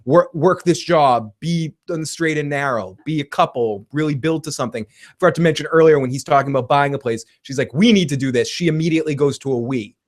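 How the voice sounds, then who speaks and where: A man hosting a casual show that recaps a TV episode, excitable and profane, laughing often as he retells scenes and reads out viewer comments. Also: fairly high pitch, fast. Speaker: podcast host reviewing a TV episode.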